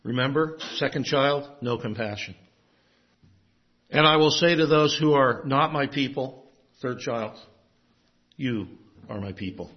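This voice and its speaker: A man preaching an expository sermon, measured and emphatic, dropping low to close each point. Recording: dull, lo-fi sound.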